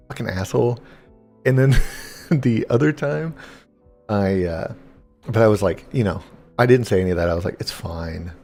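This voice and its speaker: Young man, low voice, rambling profane anecdote, casual gaming chat, faint music underneath. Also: darkish tone. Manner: rambling, profane, lots of "like" fillers. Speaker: gaming streamer. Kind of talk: casual storytelling while gaming.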